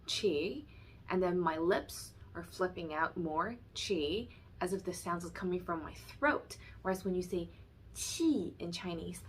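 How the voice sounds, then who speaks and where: A woman's voice: fairly low pitch, a little hiss or hum. A woman teaching Mandarin pronunciation, carefully demonstrating and contrasting sounds in an explanatory lesson.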